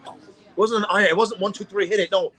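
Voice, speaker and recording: Podcast co-host, male, higher voice, quick and profane storyteller. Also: fairly even intonation, sharp tone, low-quality recording. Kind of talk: casual podcast chat.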